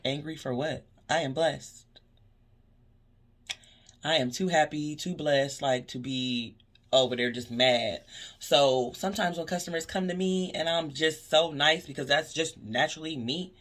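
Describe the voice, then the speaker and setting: A woman who works as a cashier, talking in a casual vlog, telling animated stories about customers and preaching positivity. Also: low-pitched, moderate pace. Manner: animated storytelling, acting out customer exchanges.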